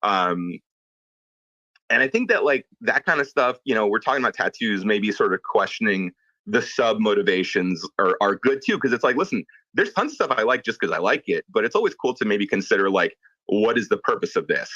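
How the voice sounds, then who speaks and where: Bright-voiced man telling stories casually. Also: lowish voice, brisk, no echo, highs cut off. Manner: storytelling, animated, swears casually. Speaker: tattoo artist guest. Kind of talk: casual chat.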